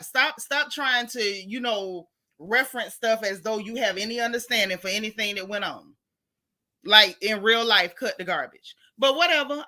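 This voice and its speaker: A woman's voice: a little high, expressive, normal speed, pushed and bright. A woman from Florida with a Florida accent, hosting a live-stream and reading out chat comments in a sassy, blunt way, repeating her punchlines.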